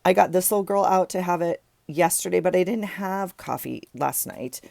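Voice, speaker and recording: A woman's voice: on the low side, moderate pace, creaky, a little mellow, no echo. A woman vlogger chatting casually and rambling as she sorts through journaling supplies at her desk. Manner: rambling, chatty, self-correcting. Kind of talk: casual chat while tidying a desk.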